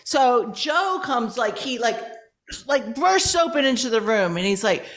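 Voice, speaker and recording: Woman guest coach, slightly high voice, lively storytelling with acted-out quotes. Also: measured pace. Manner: animated, acts out quoted dialogue. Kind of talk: storytelling in interview.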